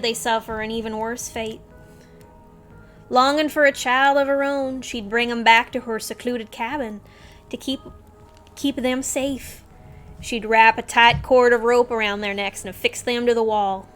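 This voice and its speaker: A young woman streaming from home, reading a game's dialogue aloud into a desk mic with lively swings between loud bursts and quiet storytelling. Her voice sits a little high, with faint game music under it.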